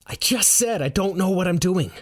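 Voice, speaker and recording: A man's voice: sits high, lively intonation, moderate pace, pitched above the performer's own voice. A man voicing a frightened young man who panics and swears. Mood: panicked. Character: frightened young man caught holding snakes.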